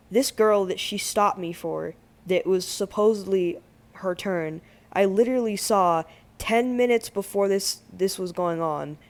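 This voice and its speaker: Slangy young man telling a storytime. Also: high-pitched. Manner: slangy, swears freely, lots of "like"; animated, exaggerated retelling. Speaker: gaming channel host. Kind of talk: casual storytime.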